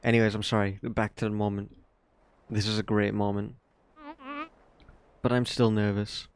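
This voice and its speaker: A man giving casual, rambling gameplay commentary as a let's play host, quick to marvel at what he sees. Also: on the low side, little pitch movement, clean tone, no room sound. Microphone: desk microphone. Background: faint game music.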